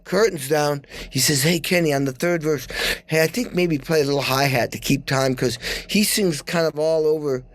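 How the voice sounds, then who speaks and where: A middle-aged man telling backstage stories on a podcast, animated, acting out what people said and humming rhythms aloud. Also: moderate pace. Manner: animated, acts out quotes with excited jumps in pitch. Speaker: podcast guest. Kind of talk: casual storytelling chat.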